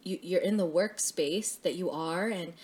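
A woman's voice: fairly low pitch, unhurried, a little mellow. Laughing, candid young woman chatting. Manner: candid and laughing, with frequent swearing. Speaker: lash tech and podcast co-host. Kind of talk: casual chat.

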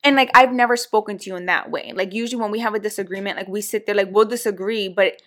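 Animated woman telling a story. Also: mid-range voice, fast talker. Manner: animated, acts out quoted voices. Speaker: podcast co-host. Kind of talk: casual storytelling chat.

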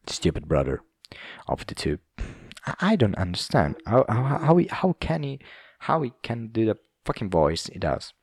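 A man rants on his own podcast in a casual, swearing, rambling way, mocking himself as he goes. His voice is fairly low and gravelly with fry, and his pitch swings widely. The sound is close and dry. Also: a little mellow, no echo. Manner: profane, rambling, self-mocking. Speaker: podcast host.

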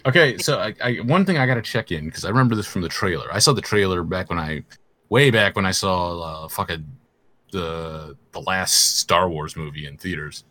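Lower-voiced man, dry and lively. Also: normal speed, no echo. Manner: laughing asides, casual swearing. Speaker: podcast co-host. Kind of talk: casual comedic movie chat.

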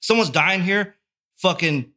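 A man's voice: high-pitched, measured pace, pushed and bright. A man as a podcast guest telling a long story in casual chat, rambling and profane, full of "dude" and "like.". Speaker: podcast guest, tattoo artist.

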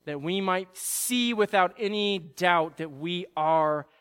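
High-voiced man preaching in a reverberant hall. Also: slow, fairly bright tone, clean tone. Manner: earnest, builds to pleading intensity. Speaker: pastor. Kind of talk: sermon.

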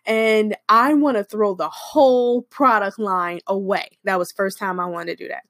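Woman, small-business owner, unhurried expressive storyteller, dry close sound. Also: medium pitch, no room sound. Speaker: hair care business owner. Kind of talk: personal storytelling.

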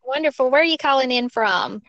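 A woman's voice: high voice, a little fast, a bit bright, no echo, lo-fi sound. A woman hosting a podcast, reading a set intro and then interviewing a guest in an upbeat way. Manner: upbeat, says wonderful often. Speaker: podcast host.

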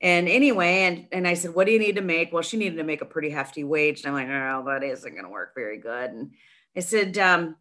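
A middle-aged woman telling a long story in a casual interview, chatty and animated, with many restarts. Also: lowish voice, quick pace. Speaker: nonprofit founder, guest.

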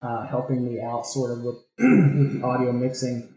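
A podcast host chatting in a hesitant, thoughtful way, full of fillers. His voice sits mid-pitch. It was recorded in a roomy, echoey space over a call. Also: little pitch movement, moderate pace, dark tone, a little hiss or hum. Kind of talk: casual chat. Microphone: remote call.

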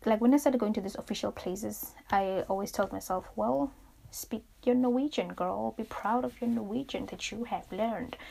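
A young adult woman hosting a reflective solo podcast, rambling through her thoughts, searching for words and growing animated as she recounts stories. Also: mid-range voice. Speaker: podcast host.

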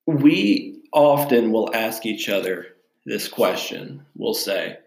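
A man's voice: fairly low pitch, animated, takes it slowly, a little mellow. Candid man telling his story, roomy sound. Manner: candid, chatty, self-deprecating, with fillers. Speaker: pastor and podcast host. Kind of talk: casual personal storytelling. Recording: echoey room.

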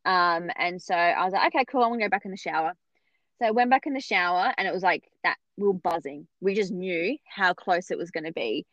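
A woman's voice: on the low side, fairly quick, dry recording. Chatty woman telling a story. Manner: chatty, animated, acts out others' voices. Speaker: podcast guest telling her birth story. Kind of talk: casual storytelling. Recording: dull, muffled sound.

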